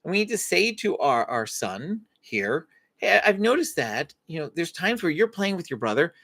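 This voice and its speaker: A woman's voice: on the low side, big pitch swings, normal speed, fairly bright tone. A woman hosting a faith-based parenting Q&A live stream, acting out short parent-child dialogues as she teaches.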